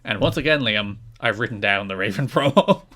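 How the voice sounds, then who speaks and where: A man co-hosting a podcast, chatting casually with wry, animated storytelling. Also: fairly low pitch, a little fast. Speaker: podcast co-host. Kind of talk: casual chat.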